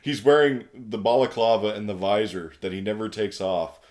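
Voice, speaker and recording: Low-voiced man recapping a cartoon, chuckling. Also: fairly even intonation, normal speed, a little mellow. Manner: laughs through plot summaries and quotes. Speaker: podcast co-host. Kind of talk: casual cartoon episode recap.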